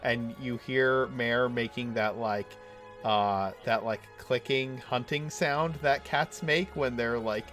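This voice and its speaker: A man running a tabletop game as dungeon master, describing scenes casually and halting on lots of fillers. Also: mid-range voice, a bit bright, faint music behind.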